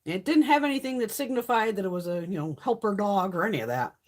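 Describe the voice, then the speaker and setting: A middle-aged woman hosting a casual livestream from Connecticut, talking with a stuffy nose. Her pitch jumps around a lot as she tells blunt stories full of swearing. Her voice has a slightly husky edge. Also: fast talker. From Connecticut, USA. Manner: blunt, swears freely, lively storytelling. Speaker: livestream host. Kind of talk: casual chat.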